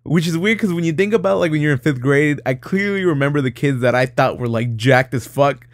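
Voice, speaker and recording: A man's voice: on the high side, expressive, brisk, dry recording, studio quality. A young man, chatting casually on a podcast, rambling through a story with lots of laughs and swearing. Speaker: podcast co-host. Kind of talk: casual chat.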